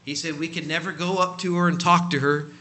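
Male preacher, storytelling sermon, very bright and tense voice, slightly high, emphatic delivery. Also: steady tone, a little fast. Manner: emphatic, acts out quoted voices.

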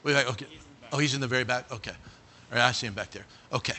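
A man preaching a sermon in a church, animated and dramatic, speaking directly to the congregation. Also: medium pitch, fast, a little hiss or hum.

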